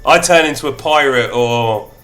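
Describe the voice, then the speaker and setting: A man's voice: mid-range voice, moderate pace, fairly bright tone, faint music behind. A man streaming a strategy game, chatting playfully and reading event text aloud in shifting mock accents.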